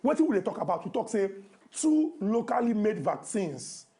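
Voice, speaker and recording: A man's voice: sits high, very animated, normal speed, mellow. A man with a Nigerian accent, co-hosting a TV show, teasing his partner in comic banter and talking through the news in Pidgin from a studio. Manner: teasing, breaks into snatches of song. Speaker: TV co-host.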